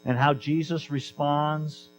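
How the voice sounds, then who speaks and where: A man preaching a sermon as pastor, conversational and animated, repeating key lines for emphasis. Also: on the high side, slow pace, soft background music, rough recording.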